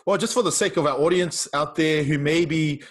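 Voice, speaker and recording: A man's voice: fairly high pitch, moderate pace. A man interviewing a guest, reading out viewer questions in a friendly, informal way.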